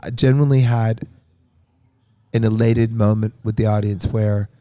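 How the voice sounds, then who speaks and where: A man's voice: fairly low pitch, fairly even intonation, normal speed, mellow. A man in a band, chatting loosely and joking after a show while recovering from a cold. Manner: joking, rambling. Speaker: band member. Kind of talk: casual backstage chat.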